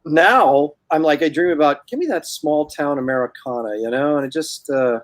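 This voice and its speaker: A man hosts a loose, easygoing chat, his voice sitting a little high. He rambles, stops and restarts his thoughts, and chuckles along the way. The sound is close and dry, with no room around it. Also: normal speed, no echo. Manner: rambling, self-interrupting, chuckles often. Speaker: host. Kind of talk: casual chat while drawing.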